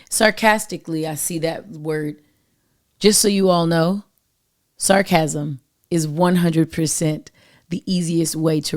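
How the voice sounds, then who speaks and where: A woman with a fairly low voice talks straight to her listeners. She gives love advice in a casual, emphatic monologue full of slang. She sounds like a show host speaking to her regular audience. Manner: emphatic, preachy, uses slang and direct address.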